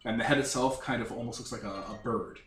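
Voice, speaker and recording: A man's voice: medium pitch, steady tone, quick pace, a bit bright, slight background noise. A man narrating as game master of a tabletop game, rambling and searching for words. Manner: rambling, full of fillers and restarts. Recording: roomy, distant mic with faint music.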